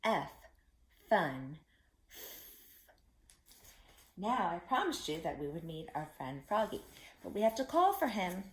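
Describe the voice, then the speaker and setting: Slow, sing-song woman teaching kids. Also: lowish voice, big pitch swings. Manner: slow, deliberate, repeating each step for kids to echo. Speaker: children's teacher. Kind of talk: children's phonics lesson.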